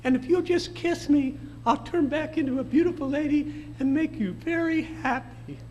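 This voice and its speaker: An older man doing a squeaky pleading frog lady. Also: normal speed, darkish tone, highs cut off, slight background noise. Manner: high squeaky pleading falsetto. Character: pleading enchanted female frog, tiny voice.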